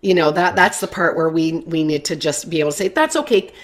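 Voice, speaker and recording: A woman's voice: deep voice, fairly even intonation, quick pace. A woman counselor talking casually to parents, chatty and repeating her words as she acts out soothing lines to a child. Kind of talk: workshop talk.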